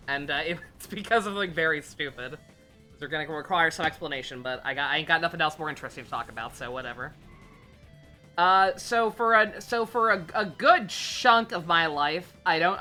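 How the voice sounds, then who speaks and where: A woman streamer talks through her game in a loose, rambling way, swearing and filling gaps with "uh" and "like." Her voice sits low but has a bright, forward edge, and faint music plays behind her. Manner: rambling and profane, with frequent fillers and laughs. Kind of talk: casual live gameplay commentary.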